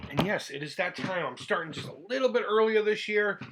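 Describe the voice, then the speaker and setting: A middle-aged American man hosts a retro gaming channel, speaking in a high-pitched, expressive voice at a brisk pace over a noisy background. It's casual vlog talk, chatty and heartfelt, and he rambles and restarts as he goes.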